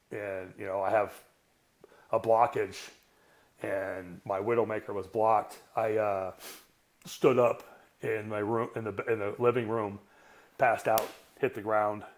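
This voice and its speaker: A man's voice: fairly low pitch, fairly even intonation, slow, pauses often. Blunt, profane man in his 60s. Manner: earthy, self-mocking humor. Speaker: strength coach, podcast guest. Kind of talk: candid conversational storytelling.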